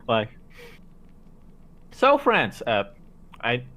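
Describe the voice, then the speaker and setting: A man's voice: mid-range voice, huge pitch swings, very slow, a bit bright. A man playing a bard in a tabletop game, hesitant and stammering, with a joking manner. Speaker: player.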